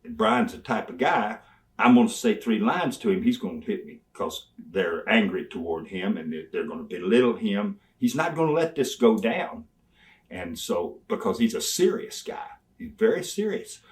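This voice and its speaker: In a storytelling interview, an older male guest tells wrestling stories with gusto, acting out old quotes loudly and with animation. His voice is lowish at a moderate pace, picked up from a distance.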